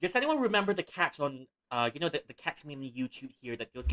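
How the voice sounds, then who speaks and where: A man's voice: on the high side, very animated, quick pace, fairly bright tone. A man from Malaysia, joking and laughing as he streams a game. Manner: jokey, laughs often. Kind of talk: casual livestream commentary.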